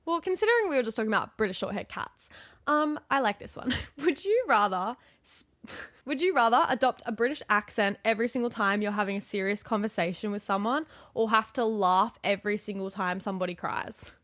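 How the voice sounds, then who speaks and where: A woman's voice: fairly high pitch, lively intonation, a little fast, a bit bright, dry recording, studio quality. Chatty young woman on a call. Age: young adult. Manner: bubbly, filler-heavy storytelling. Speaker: podcast co-host. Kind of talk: casual chat. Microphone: video call.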